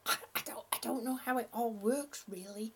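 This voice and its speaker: A woman hosting a livestream, chatting haltingly and affectionately with her viewers, often restarting her sentences. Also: a little high, very noisy. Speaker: livestream host. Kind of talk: casual livestream chat with viewers.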